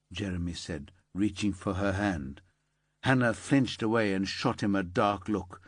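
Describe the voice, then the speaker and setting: A man narrating a thriller audiobook in a steady, sombre way, on a close studio mic. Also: on the low side, a little slow, dry recording. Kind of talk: scripted narration.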